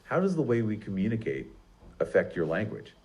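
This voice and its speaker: A man's voice: fairly low pitch, wildly swooping pitch, fairly quick, darkish tone. A man co-hosting an upbeat podcast chat, agreeable and building on his partner's points. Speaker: podcast co-host.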